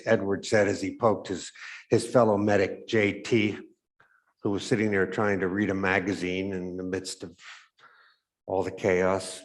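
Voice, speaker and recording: A man with a low-pitched voice tells a story aloud, measured and reflective. He lets his phrase ends drop away quietly. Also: little pitch movement. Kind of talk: story read aloud for Advent.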